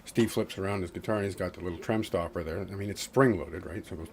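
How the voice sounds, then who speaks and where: Man guest, lowish voice, halting with restarts, faint noise behind. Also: creaky. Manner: halting, repeats words. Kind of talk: casual chat.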